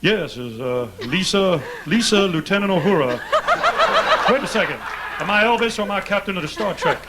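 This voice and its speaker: A man's voice: sits high, lively intonation, moderate pace, a loud crowd. A man doing a dim, boastful dead rock king. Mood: rambling boastful. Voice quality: slightly raspy. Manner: rambling, mangles names, drawling. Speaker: radio host doing an impression. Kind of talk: comedy bit on radio.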